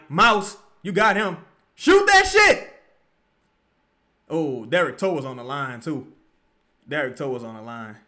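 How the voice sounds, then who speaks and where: A man giving profane, excitable live commentary while he watches a basketball game, often shouting at plays. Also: fairly high pitch. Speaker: live-reaction streamer.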